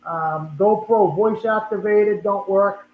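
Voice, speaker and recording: Slow and high-voiced, an older man with a Boston accent hosts a casual live stream, chatting in a rambling way and often repeating and restarting his words and sentences. The room is echoey and the sound tinny, like a phone.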